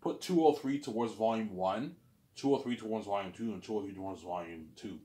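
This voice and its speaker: A man's voice: fairly low pitch, fairly quick, mellow. A man rambling through a solo monologue, listing things and saying "obviously" again and again. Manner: repeats "obviously", lists things, plays both sides of a talk. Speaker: vlogger. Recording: echoey room.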